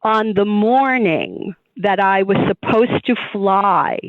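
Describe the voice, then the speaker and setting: Animated New woman storyteller. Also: mid-range voice, takes it slowly, no echo. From New York. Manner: animated, acts out quoted dialogue. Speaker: guest. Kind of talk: storytelling in an interview. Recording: dry tinny phone-like line.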